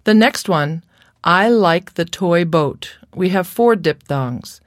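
A woman's voice: lowish voice, animated, slow, no room sound, clean studio sound. A middle-aged woman speech therapist giving an instructional lecture, modeling a child's speech errors as she goes.

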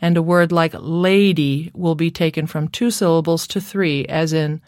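A woman's voice: low voice, fairly even intonation, darkish tone, no room sound, clean studio sound. A woman lecturing on speech therapy in a careful, scripted instructional narration. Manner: slow, careful, demonstrates sounds.

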